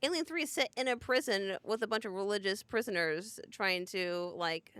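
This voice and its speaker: A woman's voice: mid-range voice, moderate pace, a bit bright, clear, resonant tone, no room sound. A woman guest on a casual podcast chat, talking in an enthusiastic, emphatic way. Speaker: podcast guest, wine bar owner.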